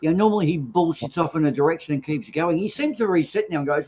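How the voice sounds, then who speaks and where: A man's voice: fairly high pitch, brisk, a little mellow, a little hiss or hum. A man chatting on an online voice call, joking and mocking. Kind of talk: casual chat on a voice call.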